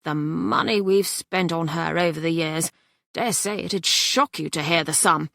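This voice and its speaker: A woman's voice: measured pace, creaky, sharp tone, no room sound, clean studio sound, exaggerated voice. Woman doing a pompous rich old father. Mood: confidential blustering. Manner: confidential, blustering, rumbling. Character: pompous wealthy older merchant father, mercenary.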